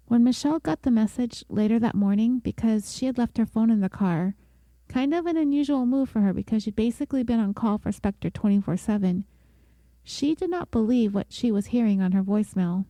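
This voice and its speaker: Woman with a warm, dry narrating voice. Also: a little high, no room sound. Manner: measured, deliberate storytelling delivery. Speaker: podcast host. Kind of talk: scripted true-crime narration.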